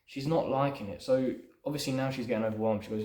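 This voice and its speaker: A man's voice: mid-range voice, steady tone, quick pace, darkish tone. A man hosting his own channel, casually breaking down a film script he is writing in a loose, rambling way full of "sort of" and "you know". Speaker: screenwriter and channel host. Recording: roomy echo.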